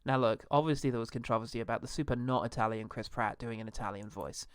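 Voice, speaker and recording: A man's voice: mid-range voice, fast, no echo. A man co-hosting a casual comedy podcast, dry and sarcastic, laughing often. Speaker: podcast co-host.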